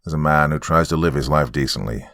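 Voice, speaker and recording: A man doing a gruff, stern old grandfather. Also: fast, fairly bright tone, dry recording, studio quality. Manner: low, blunt and moody.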